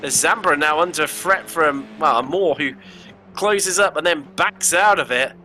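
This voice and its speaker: A man with a West Country accent commentating on an online race, jokey and excitable, often stumbling over words and correcting himself. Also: a little high, a little slow, faint music behind. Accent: West Country English. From England. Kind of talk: sim racing commentary.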